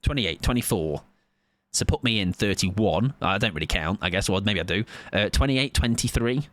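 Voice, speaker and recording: This thirty-something British game streamer jokes and chats loosely with his lobby as he plays, padding his talk with fillers. The voice sits fairly low, sounding animated and a bit bright at a normal speed, and the recording is dry.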